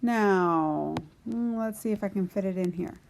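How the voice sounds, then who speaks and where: A woman walks through grammar at an unhurried, deliberate pace, thinking aloud as she writes on a board. Her voice sits at an ordinary middle pitch, and a faint hum of room noise lies under the recording. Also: creaky, a little mellow. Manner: slow, patient explaining, talking to herself while writing. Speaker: Spanish teacher.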